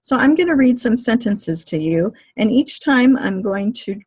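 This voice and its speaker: A woman giving a lecture on teaching reading, in a clear, measured, explanatory way. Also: fairly high pitch, animated, darkish tone. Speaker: teacher educator.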